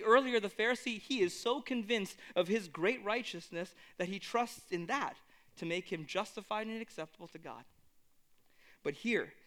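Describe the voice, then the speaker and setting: A man preaching a sermon, earnest, moving between hushed reflection and emphatic exhortation. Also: sits high. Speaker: pastor.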